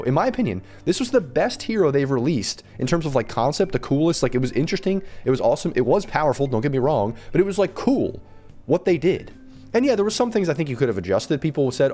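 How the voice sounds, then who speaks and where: A man's voice: fairly high pitch, big pitch swings, quick pace, darkish tone, soft background music. A young man with a strained voice giving an exasperated, ranting commentary on game balance changes, repeating himself as he complains.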